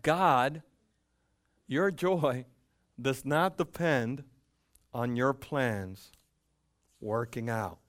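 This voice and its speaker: A man preaching a sermon as pastor, acting out conversations, swinging between loud emphatic lines and hushed quiet ones, at a church pulpit. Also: mid-range voice, drawn-out words, long pauses. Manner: acts out dialogue with God and Paul.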